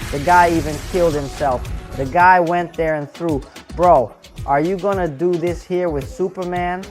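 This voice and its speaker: A chatty reviewer talks through an episode in a loose, rambling way. The speaker often tags lines with "right?" and "bro", at a middle pitch, with faint music behind. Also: moderate pace. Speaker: show reviewer. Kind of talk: casual episode recap and review.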